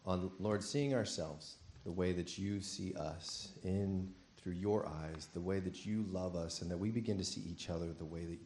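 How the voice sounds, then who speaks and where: A man's voice: deep voice, fairly even intonation, moderate pace, few pauses, darkish tone, echoey room, a little hiss or hum. A man leading an earnest, heartfelt spoken prayer for a congregation. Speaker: church member leading prayer.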